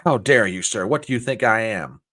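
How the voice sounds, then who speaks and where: A man's voice: extremely low pitch, wildly swooping pitch, normal speed, vocal fry, breathy edge, voice pushed down, heavily acted. A man voicing a prim, indignant woman.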